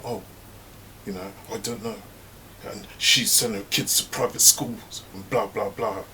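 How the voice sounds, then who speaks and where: A man voicing a nosy, fake-sweet woman who gossips at the office, in a high sugary falsetto. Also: moderate pace, slight background noise, close to an everyday voice. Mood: whispered bitching. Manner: high sugary falsetto, drops to a whisper when bitching.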